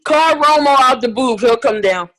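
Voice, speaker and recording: A woman's voice: high voice, lively intonation, normal speed, a bit bright, low-quality recording. A woman co-hosting a casual sports podcast, playful and teasing with the others. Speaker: podcast co-host.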